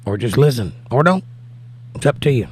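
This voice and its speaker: A man with a hoarse, nearly worn-out voice hosts a casual livestream, joking easily with viewers and reading their comments aloud. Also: mid-range voice, big pitch swings, moderate pace. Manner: easygoing and jokey, talking straight to viewers. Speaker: livestream host.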